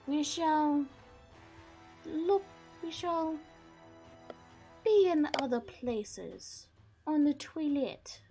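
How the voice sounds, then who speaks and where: A cold, deliberate elf lord speaks with a thick accent, weighing every word in slow, formal menace, as a woman puts him on. The voice sits a touch high. Faint music plays underneath. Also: a little mellow. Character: scheming male elf noble, thick French-like accent.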